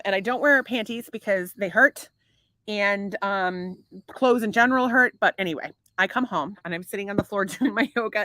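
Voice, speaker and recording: A woman's voice: medium pitch, fairly bright tone, dry recording, clean studio sound. A middle-aged woman co-hosting a casual married-couple podcast, crude and rambling, laughing often. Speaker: podcast co-host.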